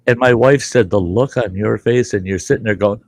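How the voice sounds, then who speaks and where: A man's voice: lowish voice, a little fast, no echo. A middle-aged man hosting a show, telling rambling stories with plenty of cursing and laughter. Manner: rambling, profane, laughs mid-story. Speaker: podcast host. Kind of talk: casual storytelling chat.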